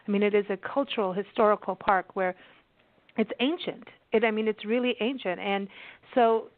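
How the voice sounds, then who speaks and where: A woman's voice: medium pitch, moderate pace, dry recording. A woman radio host in a conversational interview, enthusiastic and rambling, often restarting her sentences. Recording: tinny phone-line sound.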